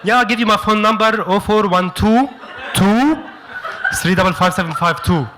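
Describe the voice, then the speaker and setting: A man's voice: sits high, moderate pace, pushed and bright, slight background noise, low-quality recording. A comedian putting on a chummy Arabic-accented man. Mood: hammy, chummy.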